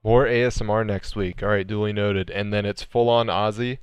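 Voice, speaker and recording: A man's voice: fairly low pitch, fairly even intonation, brisk, clear, resonant tone, no room sound. A man, commentating an online sim race and bantering playfully with co-hosts.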